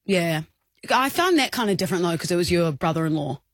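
A woman's voice: lowish voice, expressive, fast, dry recording, clean studio sound. An Australian woman co-hosting a radio show, chatty and teasing in casual banter. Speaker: radio co-host. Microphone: studio broadcast mic.

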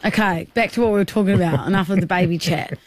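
A woman's voice: lowish voice, fast, a little mellow, no room sound, clean studio sound. An Australian woman hosting a radio show, bantering playfully and laughing often as she teases her co-host.

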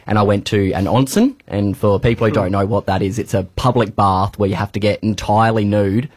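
A man's voice: lowish voice, steady tone, brisk, husky, no room sound. Australian male producer, easygoing radio storyteller, dry studio sound. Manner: chatty, self-mocking anecdote teller. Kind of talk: casual radio banter, storytelling.

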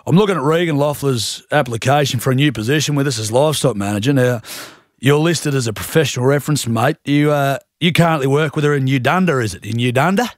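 A man's voice: mid-range voice, fast talker, no room sound, close to an everyday voice. Man doing a broad bush stock agent, blokey drawl, dry studio. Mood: mock stern. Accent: broad rural Australian. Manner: laid-back, drawling country talk. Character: blokey rural stock agent on a prank call.

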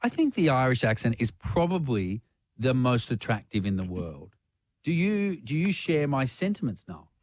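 A man with an Australian accent co-hosting a drive-time radio show, playful and teasing in an animated way. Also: mid-range voice, normal speed, dry recording, clean studio sound. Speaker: radio co-host.

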